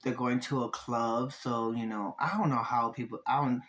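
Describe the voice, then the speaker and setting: A man recaps a reality show in a loose, casual way. His talk is profane and animated, full of quick asides and sudden jumps up in pitch as he mocks the cast. His voice sits at a middle pitch for a man. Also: rough recording.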